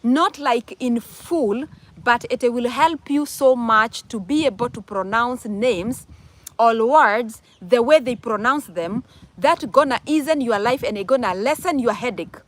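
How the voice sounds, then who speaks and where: A woman's voice: a little high, measured pace. A young woman with a Kenyan accent giving casual advice to viewers, emphatic, asking rhetorical questions and repeating words. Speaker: vlogger answering viewer questions.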